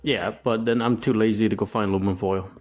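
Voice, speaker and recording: A man's voice: lowish voice, fairly even intonation, fast talker, darkish tone, faint music behind. A man co-hosting a casual podcast chat, telling stories with lots of cursing and laughter. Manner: profane, laughing storyteller. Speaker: podcast co-host.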